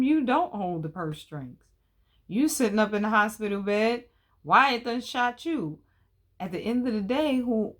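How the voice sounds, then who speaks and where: A woman in her thirties, hosting a casual recap of a TV episode, talking in a chatty, colloquial and opinionated way. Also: a little high. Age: 30s.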